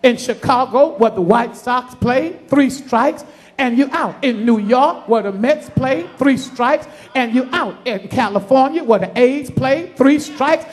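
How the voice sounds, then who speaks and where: A man's voice: very high-pitched, a little slow, faint music behind. A man voicing a stern father in a sermon story, firm and plainspoken.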